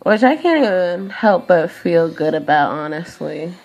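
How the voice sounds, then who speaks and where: A woman's voice: lowish voice, very animated, measured pace, a little mellow, dull audio. A tired young woman venting in a profane, exasperated rant to camera. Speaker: vlogger.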